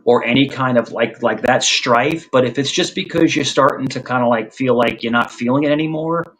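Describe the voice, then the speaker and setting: A man's voice: mid-range voice, a little fast, a bit bright, rough recording. A man from the United States in a casual chat, earnest and repeating himself for emphasis. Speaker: host.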